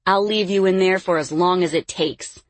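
A woman's voice: fairly low pitch, steady tone, normal speed, no room sound, lightly acted. A woman reading the part of a cruel man who keeps a girl caged, snarling and taunting his threats. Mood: menacing. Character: cruel, menacing adult male captor in charge. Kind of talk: audiobook character voice.

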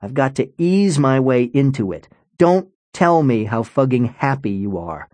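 A man reading an audiobook, voicing a brash, joking young man who talks loudly and dramatically. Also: medium pitch, big pitch swings, measured pace, dry recording. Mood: teasing. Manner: loud, teasing and dramatic. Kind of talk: audiobook character voice.

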